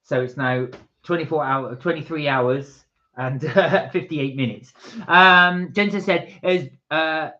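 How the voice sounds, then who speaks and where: Co-host pria Inggris, santai dan cerewet, nada agak tinggi, audio kusam lo-fi. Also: male voice, fairly high pitch, unhurried, pushed and bright. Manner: chatty, reads out viewer comments, jokes. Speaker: co-host of a live stream. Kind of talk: casual live-stream chat reading viewer comments. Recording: dull lo-fi stream audio.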